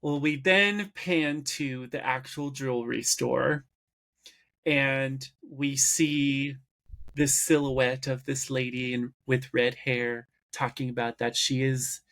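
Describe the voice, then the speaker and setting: A man co-hosting a podcast, slowly walking through a cartoon episode's plot in casual chat. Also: medium pitch, fairly even intonation, a bit bright. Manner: slow, explanatory, recaps plot at length. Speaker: podcast co-host.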